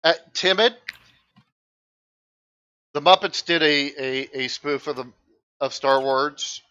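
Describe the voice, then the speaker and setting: A man's voice: fairly high pitch, takes it slowly, pushed and bright, clear, resonant tone, muffled recording. A man in charge as game master, chatting casually and rambling with restarts during an online session.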